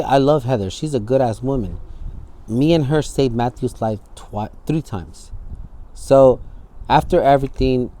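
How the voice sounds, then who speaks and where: Man with an average-pitched voice, giving a candid interview, acting out the scenes and swearing as he goes. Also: a little mellow. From San Francisco Bay Area. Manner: vivid storytelling, acts out scenes, swears freely.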